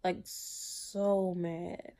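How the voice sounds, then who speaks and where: Slow, gravelly-voiced woman vlogger. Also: fairly low pitch, level tone, warm tone. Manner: emotional, halting, repeats herself. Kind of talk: personal video diary.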